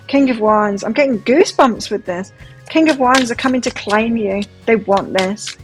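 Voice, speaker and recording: A woman's voice: on the high side, normal speed, faint music behind, rough recording. A woman giving a pick-a-card tarot reading, talking to the viewer as she turns cards and exclaims over them. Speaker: tarot reader.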